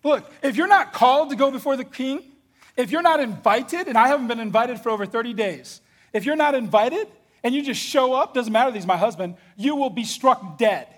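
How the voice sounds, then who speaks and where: A man's voice: very high voice, lively intonation, brisk, a bit bright, pitched above the performer's own voice, heavily acted. A man voicing a frightened young queen protesting that she cannot go before the king. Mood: anxious. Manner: anxious, protesting.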